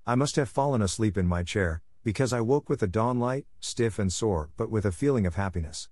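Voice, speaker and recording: Man, low voice, calm measured ghost story narration, dry close sound. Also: no echo.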